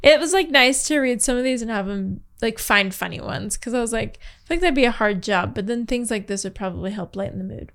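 A chatty woman co-host with a fairly high voice, giggling and tossing in plenty of "like"s as she talks. She reads listener stories aloud in a loose, casual way. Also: brisk, hardly any pauses, a bit bright. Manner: giggly, chatty, many fillers. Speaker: podcast co-host.

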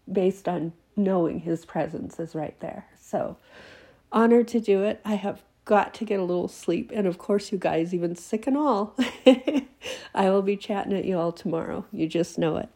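A woman's voice: fairly low pitch, steady tone, normal speed, dark tone. A woman giving an earnest devotional talk to her listeners while sick with a fever and teary, emphatic and sometimes dropping to a whisper. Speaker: Christian devotional host.

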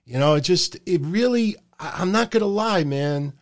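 Speaking at normal speed with lively intonation, a middle-aged podcast host with a high-pitched voice delivers casual live-stream commentary. He rambles loosely and swears freely from a room at home under hot lights.

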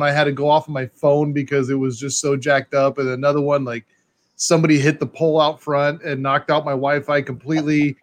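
A man hosting a casual video-call chat, rambling loosely and laughing often. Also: a little high. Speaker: podcast host.

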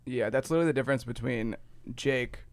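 Ohio guy co-hosting a casual talk show, smooth resonant voice, meandering and self-correcting delivery. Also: mid-range voice, fast, no echo. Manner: rambling, self-correcting, lively explainer. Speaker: podcast co-host. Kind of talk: casual chat.

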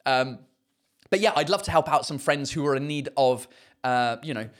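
A man with an expressive, slightly bright mid-range voice talks at a moderate pace. As a comedian hosting a live stream, he reads viewer comments in a rambling, casual way, full of fillers and the odd swear word.

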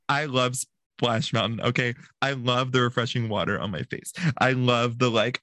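Male podcast guest, animated storyteller, bright tone, plays out the quotes. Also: medium pitch, a little slow, no room sound. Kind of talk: casual podcast chat.

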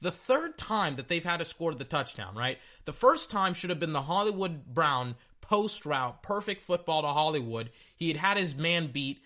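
Bright, blunt man ranting about sports. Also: a little high, sing-song, moderate pace, hardly any pauses. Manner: blunt, profane, repeats himself. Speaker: podcast host. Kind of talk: casual sports reaction rant.

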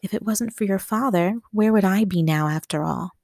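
Woman voicing a hushed, guarded housemaid. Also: mid-range voice, normal speed, no room sound, studio quality, natural voice. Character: reserved, cautious adult female housemaid.

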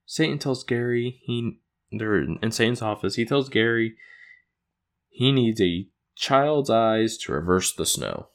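Rambling through a recap of an episode he wrote, this man keeps it loose, chuckling, correcting himself, and leaning on plenty of fillers. His voice sits on the low side, with lively intonation and an unhurried pace.

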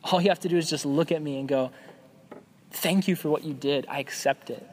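Animated youth pastor in a reverberant hall. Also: male voice, a little high, brisk, a little hiss or hum. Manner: conversational, animated, acts out quoted voices. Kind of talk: casual sermon.

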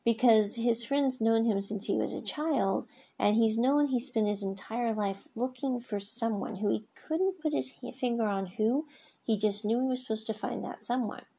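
A woman casually reviewing a drama episode, retelling scenes in a chatty way with many asides, her voice a little husky. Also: a little high, normal speed, dark tone. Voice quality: husky, gravelly.

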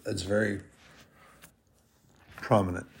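A man preaching a sermon, slow and deliberate, drawing out his emphatic phrases. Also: fairly low pitch, level tone.

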